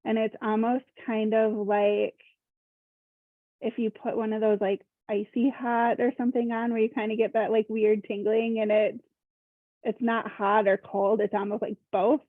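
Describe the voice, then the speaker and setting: A woman's voice: fairly high pitch, little pitch movement, normal speed, no room sound. Young woman sharing hesitantly over tinny call audio. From Minnesota. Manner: hesitant, searching, heavy use of "like". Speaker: workshop participant. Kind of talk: casual personal sharing.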